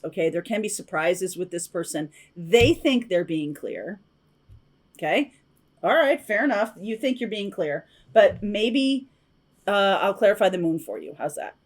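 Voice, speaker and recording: A woman giving a casual, chatty tarot reading to her viewers, talking intuitively with many fillers and asides. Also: medium pitch. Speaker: tarot reader.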